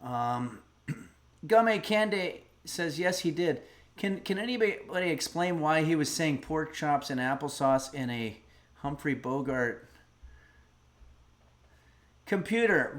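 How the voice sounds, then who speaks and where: A man's voice: fairly high pitch, a bit bright. A middle-aged man hosting a livestream, musing aloud in a rambling, casual way as he reads donations and a recipe. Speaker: streamer host.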